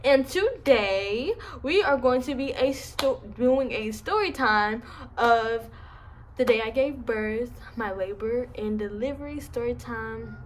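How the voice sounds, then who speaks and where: A woman's voice: a little high, slow, slight background noise, poor audio. Young woman with a braces lisp. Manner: chatty, slangy, animated retelling. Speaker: vlogger. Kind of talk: casual storytime. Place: home, indoors.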